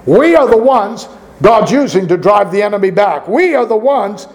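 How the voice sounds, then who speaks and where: A male pastor with a notably high-pitched, expressive voice delivers a sermon at normal speed, reading scripture aloud. He keeps turning to the congregation with rhetorical questions, on a low-quality recording.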